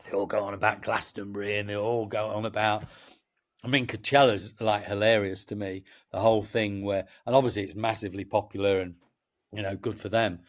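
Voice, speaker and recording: A man's voice: lowish voice, fairly even intonation, brisk. Rambling man telling stories. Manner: rambling storyteller with many restarts, passionate. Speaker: festival promoter, guest. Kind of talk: casual chat.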